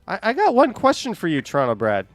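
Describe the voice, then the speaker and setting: A man's voice: high voice, huge pitch swings, fast, no room sound, soft background music. A man hosting a live stream, chatting with callers, laughing often and reading chat messages aloud.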